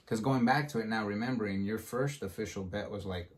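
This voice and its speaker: A man hosting a podcast, telling a story in casual chat and acting out the quotes with lively energy. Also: on the low side, a little fast, a crowd in the background. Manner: animated, acts out quotes in a storytelling style. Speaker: podcast host.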